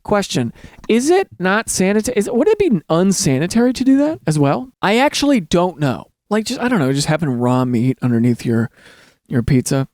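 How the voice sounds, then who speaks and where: An excitable male host reads online stories out loud and keeps cutting in with jokey, animated asides. His voice sits a bit high for a man and sounds dry and close, with no room around it. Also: moderate pace, no room sound. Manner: casual and jokey, calls listeners dude. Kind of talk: reading online stories aloud with casual commentary.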